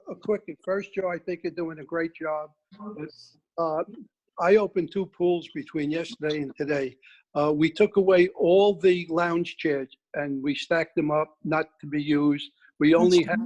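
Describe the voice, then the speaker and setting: Man, monotone, hesitant director speaking over a video call. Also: on the high side, lo-fi sound. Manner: hesitant, many uh fillers. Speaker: board director. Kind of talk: online board meeting.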